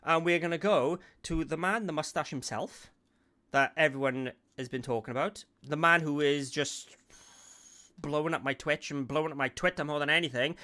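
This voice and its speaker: A man hosting a live-stream chat show, excitable and rambling, with plenty of exclamations. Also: on the high side, normal speed. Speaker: host.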